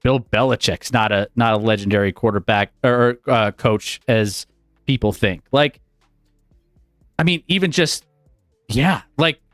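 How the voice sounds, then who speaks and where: A man's voice: medium pitch, a little slow, a bit bright, no echo, studio quality, soft background music. Man musing through a sports debate. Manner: thinks aloud with restarts and fillers, tentative. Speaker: sports podcast co-host.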